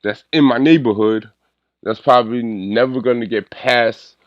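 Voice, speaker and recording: A man's voice: medium pitch, dry recording, dull audio. Laid-back male podcast host, dry sound. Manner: laid-back, laughs often, drawn-out phrases. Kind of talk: casual chat.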